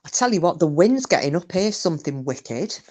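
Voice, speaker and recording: Woman host, lower voice, chatty, laughing, salty-tongued. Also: big pitch swings, a little fast, warm tone. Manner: chatty, laughs often, swears casually. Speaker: live stream host. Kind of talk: casual chat reading viewer comments. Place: home, windy day.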